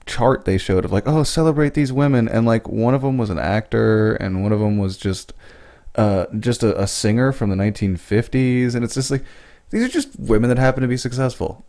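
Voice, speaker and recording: A man's voice: fairly low pitch, brisk, a little mellow. A man co-hosting a podcast, talking in blunt, sarcastic casual banter and swearing freely. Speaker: podcast co-host.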